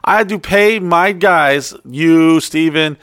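A man's voice: on the high side, takes it slowly, fairly bright tone, clear, resonant tone, no echo, clean studio sound. A man co-hosting a podcast, ranting angrily with lots of swearing in casual chat. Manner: angry ranting, heavy swearing. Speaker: podcast co-host.

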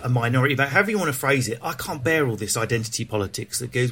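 Quick and sing-song with few pauses, this medium-pitched male voice is a bit bright and husky. It's an English stand-up comic with a Cockney accent, speaking frankly and with energy in a candid interview, cursing liberally and starting his sentences over.

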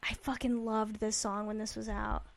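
Woman on a podcast gushing about stuff, slightly high voice, casual chat. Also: level tone, moderate pace, vocal fry. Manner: enthusiastic, gushing reactions. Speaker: podcast co-host.

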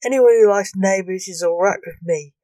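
A woman's voice: medium pitch, moderate pace, mellow, no echo, natural voice. A woman voicing the lazy, smug king of the Grim Reapers, huffy and teasing.

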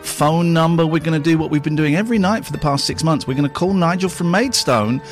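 A man's voice: a little high, fast talker. A man hosting a comic radio show in a rambling, flustered, self-mocking way. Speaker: radio comedy host. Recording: music playing behind the voice.

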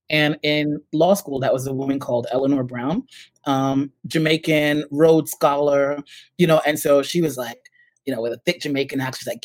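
Middle-aged New York man, quick and high-ish, lively raconteur, dry close mic. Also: no room sound, poor audio. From United States. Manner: animated storyteller, acts out quoted voices. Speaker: startup CEO, guest. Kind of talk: casual interview conversation.

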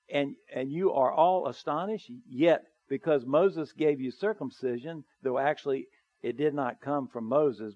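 A man's voice: mid-range voice, a little mellow, dry recording. Earnest male preacher, dry lo-fi sound. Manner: earnest, reads scripture aloud with rising emphasis. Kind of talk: sermon with scripture reading. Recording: dull, slightly lo-fi dry recording.

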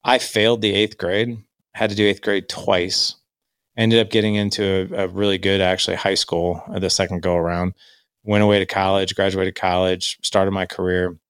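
A man's voice: low-pitched, flat delivery, normal speed, clean tone, no room sound, studio quality. A man, candidly telling his life story in a reflective way. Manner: candid, reflective, quotes himself and others. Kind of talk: personal storytelling.

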